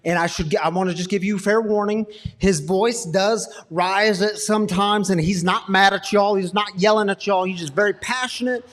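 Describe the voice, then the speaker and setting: A man's voice: high voice, normal speed, a bit bright. A man hosting a live event, chatting casually and upbeat with the crowd and his guest. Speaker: host. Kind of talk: live church-style interview. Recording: long hall reverb.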